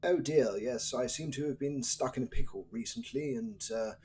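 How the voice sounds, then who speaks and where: A man's voice: medium pitch, lively intonation, moderate pace, a little mellow, husky, voice pushed up. A man putting on a plummy posh English gent. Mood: pleading politely. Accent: British. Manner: exaggerated plummy Queen's English. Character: prim posh English gentleman, politely pleading.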